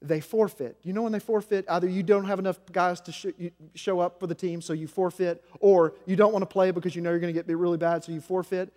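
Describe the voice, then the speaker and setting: High-voiced pastor preaching in a reverberant hall. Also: male voice, steady tone, fast talker, hardly any pauses. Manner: dramatic swings between loud emphasis and hushed low delivery. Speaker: senior pastor. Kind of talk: sermon.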